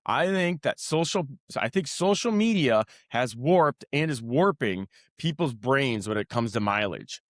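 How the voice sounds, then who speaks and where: Animated, ranting male podcast host. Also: mid-range voice, a little slow, hardly any pauses, no echo, studio quality. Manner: ranting, profane, rambling with restarts. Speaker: healthcare worker. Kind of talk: casual podcast monologue.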